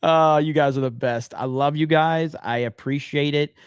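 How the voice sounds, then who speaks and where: A man's voice: a little high, steady tone, moderate pace, clean tone, no room sound, clean studio sound. A man hosting his own livestream in a chatty way, reading viewer comments aloud and laughing often. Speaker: livestream host. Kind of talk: casual livestream sign-off.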